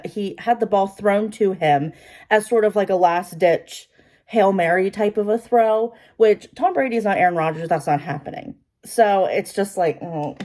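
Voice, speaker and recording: A woman in her twenties, a beauty vlogger, chatting excitedly while doing her makeup and saying "like" constantly. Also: mid-range voice. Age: 20s. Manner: chatty and excitable, heavy use of "like".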